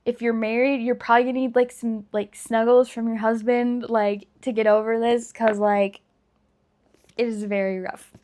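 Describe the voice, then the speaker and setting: A woman with a high, bright-sounding voice talks casually to her viewers. She is emotional and gushing, stretching out words for dramatic effect. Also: flat delivery, normal speed. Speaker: book vlogger. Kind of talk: casual chat.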